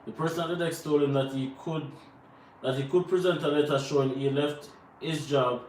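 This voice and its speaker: Co-hosting a live Q&A chat, a Jamaican man answers viewers' questions, offering earnest advice and going over points again to stress them. He speaks at a moderate pace in a fairly high, steady voice. The audio is roomy and far from the mic, with a faint noise floor.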